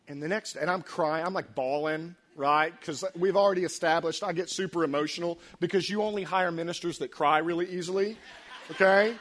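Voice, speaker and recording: Pastor guy, middle-aged, high voice, preaching, gets real soft and emotional telling stories. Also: fairly even intonation, brisk. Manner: emotional, storytelling, quiet dips into near-whisper. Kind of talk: sermon.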